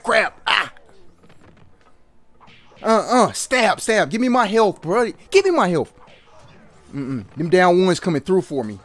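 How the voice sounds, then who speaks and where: Animated young man commentating a game. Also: fairly high pitch. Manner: animated, yelps and laughs, trash-talks the opponent. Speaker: gaming channel host. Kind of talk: excited gameplay commentary.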